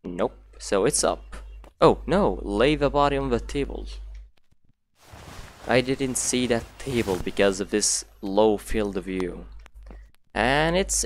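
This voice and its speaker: A man's voice: on the low side, lively intonation, takes it slowly, slight background noise. A man commentating as he plays a horror game, thinking aloud, talking to himself and swearing often, with phrasing. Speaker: gameplay commentator. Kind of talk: let's play commentary.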